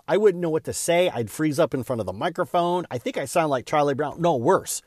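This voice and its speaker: A man's voice: on the high side, animated, fairly quick, few pauses, darkish tone, no echo, clean studio sound. Earnest man hosting a solo podcast. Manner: earnest, candid, with small stumbles and repeats. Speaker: podcast host.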